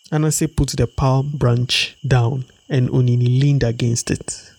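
A man narrating a folktale in a steady storybook read-aloud. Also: mid-range voice, unhurried, gravelly, slightly rough.

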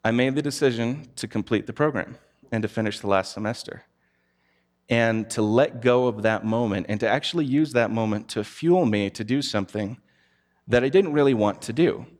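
A man's voice: mid-range voice, normal speed, a little mellow. Candid man preaching conversationally. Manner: personal storytelling, candid. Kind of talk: conversational sermon.

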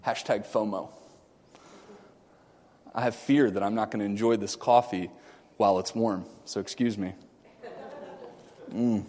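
A man preaching a sermon, swinging from loud shouting to quiet, joking asides with the congregation. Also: mid-range voice, big-room sound.

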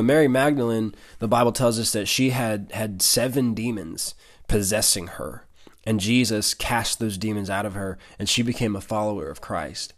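A man hosting a podcast, explaining Bible passages in an earnest way and reading verses aloud with rising emphasis. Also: medium pitch. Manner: earnest, repeats words at starts, reads verses with rising emphasis. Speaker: podcast host teaching scripture. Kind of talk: casual Bible teaching with scripture reading.

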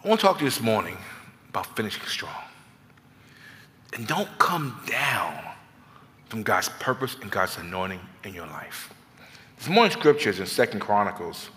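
A man preaching as a guest pastor, telling comic stories in an animated, self-mocking, conversational way. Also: fairly low pitch, normal speed, long pauses, long reverb tail. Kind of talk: sermon with comic storytelling. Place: church sanctuary.

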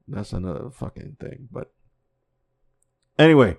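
This podcast host is very animated, talking at a moderate pace and pausing often. His casual commentary is full of swearing and repetition, lurching from low mutters to loud disbelieving outbursts.

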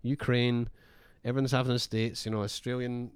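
A man's voice: medium pitch, little pitch movement, quick pace, clean tone, no echo, studio quality. A man co-hosting a podcast in casual, rambling chat full of fillers and restarts. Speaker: podcast co-host.

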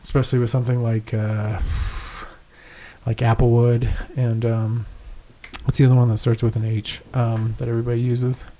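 A man's voice: mid-range voice, flat delivery, normal speed, dark tone, a little hiss or hum. A young man co-hosting a podcast in casual chat, rambling, swearing and laughing often. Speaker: podcast co-host.

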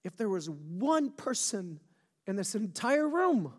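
A pastor preaching at a church service in a casual, slangy way, moving between hushed, near-whispered lines and loud, fervent emphasis, and audibly emotional. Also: medium pitch, expressive, unhurried. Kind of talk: sermon. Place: church service before a live congregation.

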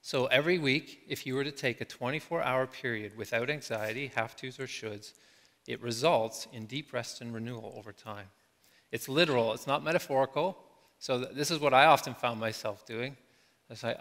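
Reflective middle-aged man preaching in a hall. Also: medium pitch. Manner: reflective, slow with soft trailing endings. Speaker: pastor. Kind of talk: sermon. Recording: long hall reverb.

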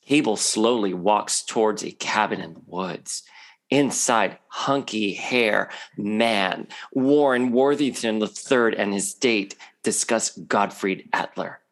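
Chatty man with a lowish voice. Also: slow pace. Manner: chatty, animated, laughs often. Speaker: guest podcaster. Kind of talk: casual podcast chat.

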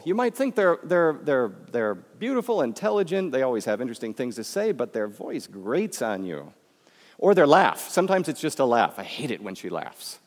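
Animated Midwestern man in a reverberant hall. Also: mid-range voice. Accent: Midwestern American. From Michigan, USA. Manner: conversational and joking, addressing the audience directly. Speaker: speaker giving a talk. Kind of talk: public talk to an audience.

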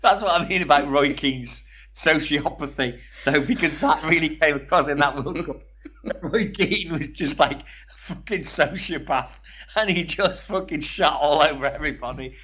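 A man's voice: fairly high pitch, moderate pace, sharp tone. A man co-hosting a casual chat, blunt, opinionated and swearing freely. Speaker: podcast co-host.

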